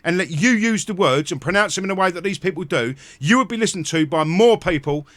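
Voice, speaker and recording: A man hosting a live stream, ranting angrily with heavy swearing and bursts of shouting. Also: sits high, lively intonation, fairly quick, no echo. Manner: angry, profane, shouting in bursts. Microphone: close mic at home.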